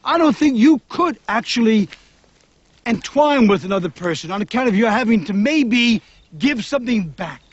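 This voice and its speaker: Bitter man arguing, high voice, cold and accusing, dull dry film audio. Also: animated, moderate pace, husky, dry recording.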